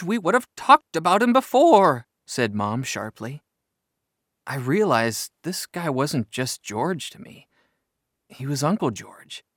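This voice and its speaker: Slow, dry-voiced male storybook reader. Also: mid-range voice, no echo. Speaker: reader of book excerpts. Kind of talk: storybook reading.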